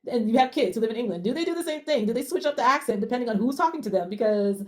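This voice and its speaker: Canadian woman, co-host, rapid lively casual chat. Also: fairly high pitch. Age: adult. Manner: animated, laughs often, acts out other people's voices.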